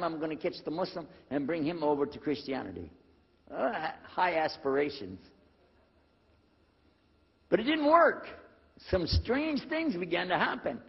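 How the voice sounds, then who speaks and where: An older American man, a former preacher, tells his conversion story to an audience in a hall, animated and acting out dialogue. His voice is on the high side, creaky, with a breathy edge. The recording is dull and lo-fi, with the hall's reverb.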